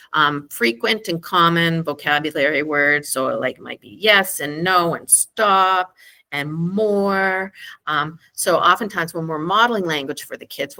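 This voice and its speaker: A woman with a bright, forceful voice pitched a little low gives an informal talk to parents. She chats loosely, with plenty of fillers. She stretches out simple example phrases slowly and with emphasis, as if speaking to a toddler. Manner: casual and chatty, full of fillers like "um" and "kind of"; acts out slow, emphatic child-directed examples. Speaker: school speech-language educator. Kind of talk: informal teaching presentation for parents.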